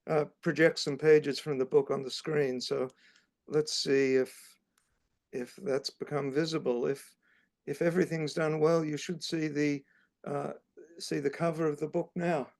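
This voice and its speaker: An older man speaking as the author at an online academic talk over a video call, measured and halting with many fillers. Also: fairly high pitch, little pitch movement, creaky, a little mellow.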